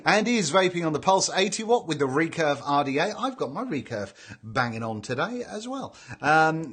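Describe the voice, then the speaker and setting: A cheerful British man hosting a live stream, reading out viewers' names and greetings in a relaxed, chatty way. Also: medium pitch, breathy edge. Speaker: livestream host reading chat. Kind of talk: casual live chat.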